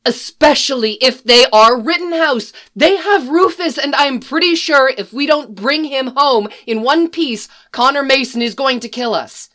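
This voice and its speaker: A woman's voice: high-pitched, measured pace, few pauses, fairly bright tone, pitched above the performer's own voice. A woman voicing a firm team leader woman. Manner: firm, commanding. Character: firm dark-haired woman leader, calm and commanding.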